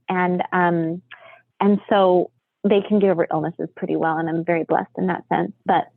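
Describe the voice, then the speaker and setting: A woman from the United States, a podcast guest, telling family stories in a lively way, often laughing and acting out what people said. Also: dry recording. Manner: animated, acts out quotes with big pitch jumps, laughs often. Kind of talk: storytelling in casual chat. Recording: tinny phone-line audio.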